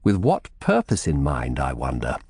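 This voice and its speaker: A man's voice: very deep voice, huge pitch swings, moderate pace, darkish tone, breathy edge, dry recording, studio quality, pitched below the performer's own voice, full character voice. A man voicing a shrewd middle-aged lawyer who speaks firmly and asks probing questions.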